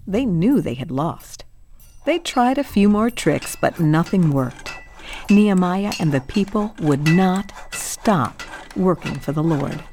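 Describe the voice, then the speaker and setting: A woman narrating a children's Bible storybook in a cheerful, expressive way, speaking to young listeners. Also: lowish voice.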